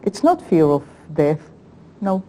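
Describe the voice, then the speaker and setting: A woman, a former hostage, speaking haltingly and with emotion in an interview. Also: sits low, big pitch swings, dark tone, a little hiss or hum, poor audio. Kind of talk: interview recollection.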